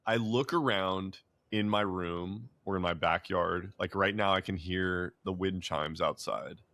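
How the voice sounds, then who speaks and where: A man's voice: sits low, measured pace, fairly bright tone, no room sound. A man who is a podcast guest, talking in a reflective, easygoing way in casual chat.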